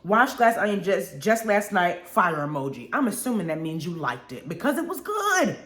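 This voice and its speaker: A young adult woman hosts a casual live radio show, reading viewer comments in a fairly low, bright voice with big pitch swings at normal speed. She talks expressively, laughs a lot and drawls words like "honey" and "y'all," and the recording has a roomy echo.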